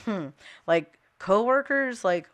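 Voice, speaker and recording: A young woman from the Midwest, speaking as an interview guest in a passionate, halting way with many fillers. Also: mid-range voice, expressive. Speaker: interview guest, cannabis and labor advocate. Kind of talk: casual conversational interview.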